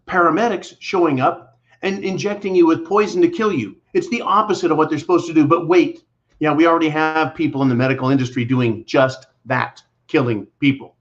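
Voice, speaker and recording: A man's voice: on the high side, a bit bright. Blunt, combative man ranting. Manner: blunt and combative, swears, sarcastic. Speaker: political commentary host. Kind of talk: angry monologue to viewers. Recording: dull lo-fi audio.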